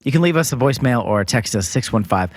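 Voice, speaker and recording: A man's voice: medium pitch, expressive, fast, no room sound. A man co-hosting a podcast in casual, joking chat, laughing often. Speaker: podcast co-host.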